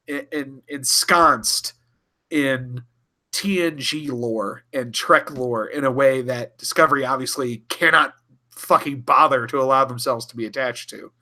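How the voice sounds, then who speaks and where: A man's voice: mid-range voice, bright, forceful tone. A man co-hosting a podcast in casual, rambling chat, swearing freely and often restarting. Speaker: podcast co-host.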